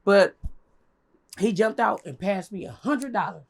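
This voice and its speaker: At a measured pace, a young woman tells a casual story as an interview guest. She's animated and profane, playing out others' dialogue in a high voice.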